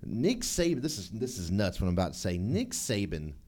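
A man's voice: on the low side, big pitch swings, a little fast, darkish tone. A man hosting sports talk radio, dropping wry one-liners and rambling through restarts.

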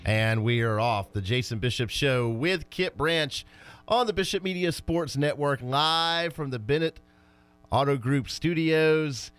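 A man hosting a sports talk radio show, talking with fired-up energy about high school and college football. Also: measured pace, a bit bright, soft background music.

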